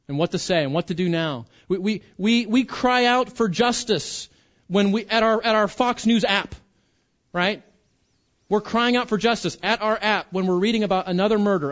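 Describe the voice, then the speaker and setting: A man's voice: sits high, highs cut off. A man preaching a conversational sermon as pastor, often restarting and repeating words.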